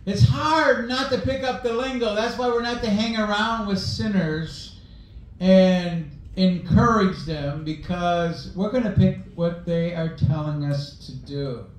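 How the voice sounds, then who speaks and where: A man's voice: high voice, unhurried, very echoey, low-quality recording. A male pastor preaching a sermon, mixing scripture reading with folksy personal stories.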